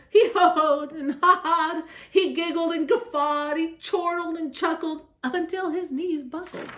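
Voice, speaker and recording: An older woman, a grandmother, reading a rhyming picture book aloud in an expressive, sing-song way. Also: high voice, slight background noise. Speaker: grandmother storyteller. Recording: roomy echo.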